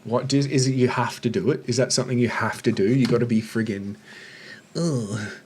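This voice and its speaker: A man's voice: mid-range voice, steady tone, fast talker, darkish tone, a little hiss or hum. Blunt, mocking man. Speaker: reaction video host. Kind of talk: sarcastic commentary.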